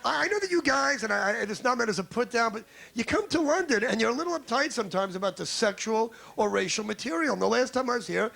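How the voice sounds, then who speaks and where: A man's voice: very high-pitched, expressive, fast, gravelly, hardly any pauses, pushed and bright. A man in his forties from New York doing a brash, ranting stand-up set in a comedy club, baiting the crowd. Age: 40s. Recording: live club recording with audience noise.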